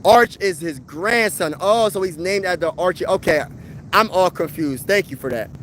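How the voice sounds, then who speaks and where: A high-pitched young man from Pennsylvania riffs on football in loose, slangy chat. He fires off rhetorical questions and keeps an easy, animated flow. A faint hum sits beneath his voice. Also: moderate pace, poor audio. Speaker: sports talk livestream host. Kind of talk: casual live chat reading viewer comments.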